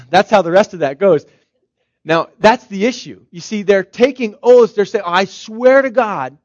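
A man's voice: high voice, lively intonation, normal speed, darkish tone, no room sound. A man preaching a sermon as pastor, talking in a conversational way and firing off strings of rhetorical questions. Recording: slightly dull, dry recording.

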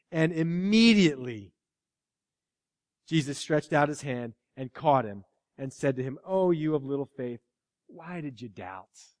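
A man preaching a sermon, animated, swinging between loud exclamations and hushed asides. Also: a little high, in a large hall. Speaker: pastor.

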